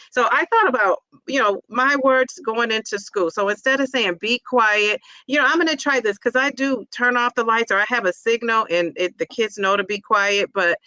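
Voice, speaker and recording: A bright, forward-voiced woman talks straight to her viewers in a casual, encouraging vlog. Her tone is upbeat and positive, and her thoughts come in quick bursts with restarts. The sound is dry and close, with no room around it. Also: medium pitch, no room sound. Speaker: teacher and weight-loss vlogger.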